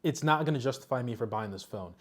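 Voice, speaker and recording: A man's voice: mid-range voice, animated, quick pace, no room sound. A man giving a casual tech review, emphatic and frustrated, speaking bluntly.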